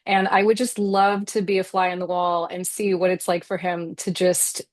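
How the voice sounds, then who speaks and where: Speaking in a lowish voice with little pitch movement and a moderate pace, this novelist guest sounds earnest and reflective in a relaxed interview. The recording has no echo, and she peppers her speech with "like."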